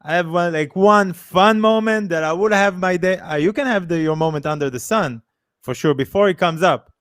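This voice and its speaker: Smooth-voiced man co-hosting a stream. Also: sits high, moderate pace, a bit bright, no room sound, studio quality. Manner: easygoing, loose phrasing, plugs subscriptions. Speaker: podcast co-host. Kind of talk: casual chat on a livestream.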